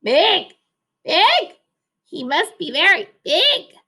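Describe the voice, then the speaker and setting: A woman reading a storybook aloud, voicing an excitable male duck in high, urgent calls. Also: takes it slowly, exaggerated voice. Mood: excited.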